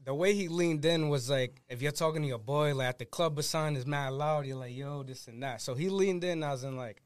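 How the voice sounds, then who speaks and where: A man's voice: a little high, quick pace. A young man in a casual group reaction chat, laid-back and explaining with examples.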